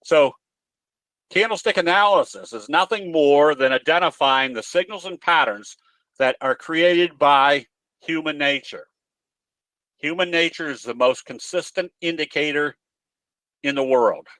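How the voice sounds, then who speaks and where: A man's voice: on the high side, unhurried, bright, forceful tone, no room sound. Man teaching chart patterns on a webinar, folksy and chatty, talking from his home office, dry close mic. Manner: folksy, explanatory, tells jokes. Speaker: trading presenter.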